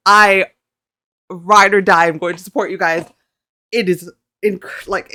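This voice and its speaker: Filming a reaction vlog at home, a young woman from Canada rambles through a story in a gushing, flustered, excitable rush, swearing plenty. Her smooth, clear voice is slightly low for a woman, captured close and dry with no room sound.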